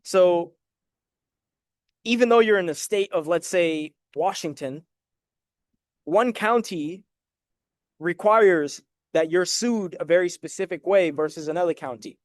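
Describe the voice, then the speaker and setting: A man's voice: high-pitched, a little slow, long pauses, dry recording, clean studio sound. A man giving a casual, emphatic lesson on debt collection letters, walking through documents and checking in with viewers. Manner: direct, emphatic, addresses viewers as guys with frequent "right?". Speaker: credit and debt educator. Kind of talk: casual explanatory talk over documents.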